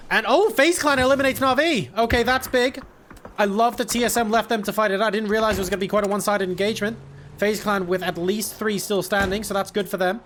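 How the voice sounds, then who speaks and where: A man calling a live esports match with rapid, excitable play-by-play commentary that jumps into bursts of excitement on big plays. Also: fairly high pitch, background noise. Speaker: esports caster. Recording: gunfire from the game behind the voice.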